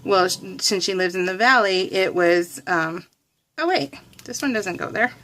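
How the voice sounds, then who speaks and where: A woman's voice: medium pitch, expressive, normal speed, fairly bright tone, slight background noise. Chatty giggly woman vlogger. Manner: rambling and chatty, laughs often; self-deprecating. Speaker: craft vlogger. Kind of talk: casual voice-over storytelling.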